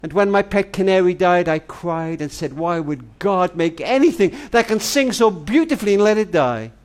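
Animated high-pitched storytelling man. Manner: tender, dramatic storyteller, often says "darling"; slows and drops to near-whisper for emphasis. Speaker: speaker on a family radio program. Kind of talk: storytelling talk.

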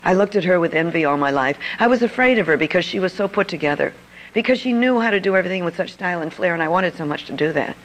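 A woman's voice: lowish voice, expressive, fast, poor audio. An older woman telling a personal story to an audience in a confiding manner. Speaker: speaker. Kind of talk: storytelling talk.

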